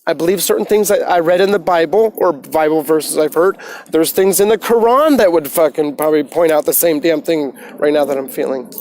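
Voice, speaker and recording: A man talking casually into his phone on a livestream, preaching about the mind and meditation with lots of swearing, swinging from soft musing to loud ranting. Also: on the high side, a little fast. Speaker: motivational livestreamer. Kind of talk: casual rambling livestream rant.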